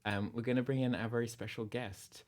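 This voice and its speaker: A man's voice: medium pitch, steady tone, brisk. A British man with an accent drifting slightly North American, hosting a casual livestream chat in a jokey, easygoing way. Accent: British English, drifting slightly North American. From Britain. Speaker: livestream host.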